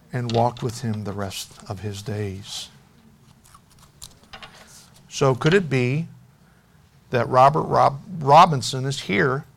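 A man preaching a sermon, telling a story and making an earnest, softening appeal to his congregation. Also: mid-range voice, gravelly. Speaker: pastor.

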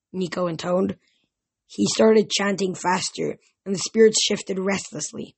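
A woman reading a novel aloud in steady audiobook narration. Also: lowish voice, normal speed, slightly rough. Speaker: reader.

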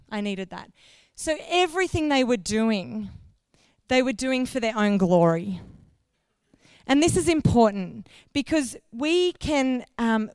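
A woman's voice: a little high, smooth, dry recording. Woman, sermon, chatty, self-correcting, dry close sound. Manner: conversational, asks the congregation questions; loses her place, corrects herself mid-sentence. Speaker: guest preacher.

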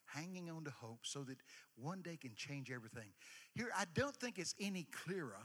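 A man preaching a sermon, emphatic, swinging from hushed asides to shouted lines and calling for responses. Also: on the high side, very animated, moderate pace, in a large hall. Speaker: pastor.

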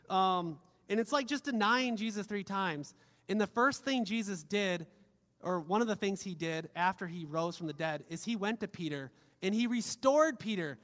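A man preaching a sermon in a fairly high voice, his delivery swinging from loud emphatic lines to quiet, soft ones. He drops casual joking asides like a pastor talking to his own congregation. The sound carries the long reverb of a big hall. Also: moderate pace.

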